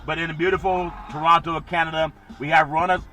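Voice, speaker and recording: A man's voice: a little high, little pitch movement, brisk, background noise. A man hosting a solo sports podcast, rambling and jokey with sing-song asides.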